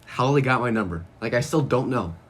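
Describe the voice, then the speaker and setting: A man's voice: medium pitch, animated, fairly quick, breathy edge. A teenage boy guesting on a casual podcast, laid-back and swearing. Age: teens. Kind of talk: casual chat.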